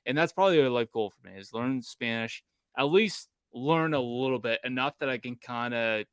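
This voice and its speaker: A man's voice: medium pitch, normal speed, clean tone, dry recording. A man from Canada co-hosting a casual podcast, telling stories in a rambling, polite way. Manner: rambling storyteller, self-described polite. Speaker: podcast co-host. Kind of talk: casual chat.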